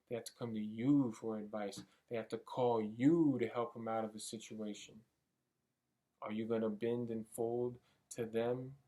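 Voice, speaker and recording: A young vlogger rambles through his goals in a loose motivational monologue, almost like he's thinking out loud. His pitch is an ordinary middle range, and he keeps things casual, letting the occasional swear word slip.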